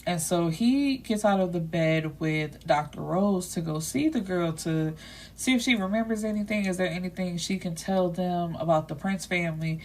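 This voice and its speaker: A woman with a slightly low voice recaps a novel's plot like she's spilling gossip to a friend. She talks casually and leans on "you know" and "like." She drops blunt, salty asides along the way. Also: normal speed, a little mellow. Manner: chatty, leaning on "you know" and "like". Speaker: book reviewer.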